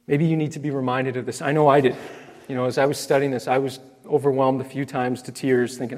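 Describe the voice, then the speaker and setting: A man's voice: medium pitch, flat delivery, quick pace, a little mellow, big-room sound. A man preaching a sermon as pastor, earnest and emphatic, repeating key phrases and calling his listeners friends.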